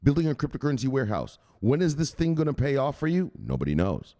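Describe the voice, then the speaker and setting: A man's voice: medium pitch, very animated, fast talker. A man hosting a crypto channel in a brash, profane ranting monologue. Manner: brash, profane, shouts "bang".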